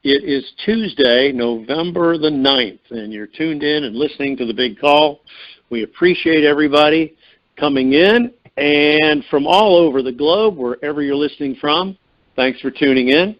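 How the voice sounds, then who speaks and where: A man's voice: a little high, moderate pace, dull audio. A man hosting a call-in show, opening with a friendly, upbeat welcome and a spoken prayer. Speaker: host.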